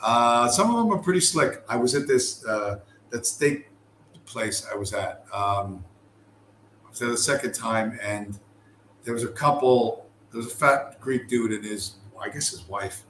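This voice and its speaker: This podcast host, a middle-aged man from the US, takes his time with a long, foul-mouthed, meandering story in a casual chat. His medium-pitched voice is a bit bright, and he keeps using fillers and starting over. There's a roomy sound and a little background noise.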